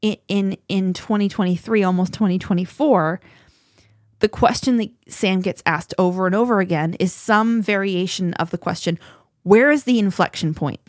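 A woman co-hosting a podcast, talking in an animated, chatty way with frequent restarts. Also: medium pitch, normal speed, no echo, clean studio sound. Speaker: podcast co-host. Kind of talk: casual conversation.

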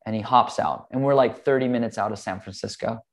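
A meditation teacher with a fairly low voice speaks fairly quickly in a conversational, storytelling way. He's earnest and relaxed as he explains ideas and shares a personal story, dropping in the occasional "um" and "like."

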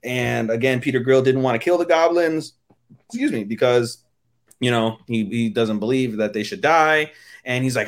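A man's voice: medium pitch, normal speed. A man co-hosting a podcast, giving crude, rambling episode recaps full of fillers. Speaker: podcast co-host. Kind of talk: casual chat.

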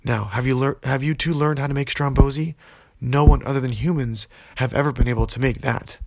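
A gruff ogre guard from a storybook eyes newcomers and questions them in a gravelly, husky voice, as a man puts him on. The recording is dry and close. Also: mid-range voice, steady tone, fairly quick, darkish tone, dry recording, close to an everyday voice. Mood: suspicious. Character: gruff, suspicious male ogre door guard.

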